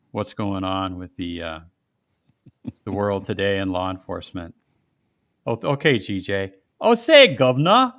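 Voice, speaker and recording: A man hosting a casual chat, telling lively stories and laughing often. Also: sits low, no echo. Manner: animated storyteller, laughs often, puts on voices in quotes. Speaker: podcast host.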